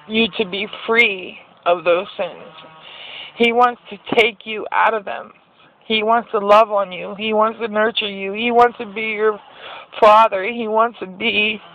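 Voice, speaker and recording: Woman with a high gravelly voice telling her faith story, earnest and rambly, dull lo-fi recording. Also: fairly bright tone. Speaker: person sharing a faith testimony. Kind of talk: personal testimony monologue.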